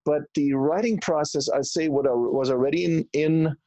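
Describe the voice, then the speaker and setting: A man's voice: a little high, normal speed, warm tone, no room sound. A man in his sixties from Germany with a mild German accent, a guest musician telling stories in an earnest, reflective way in a conversational interview. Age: 60s.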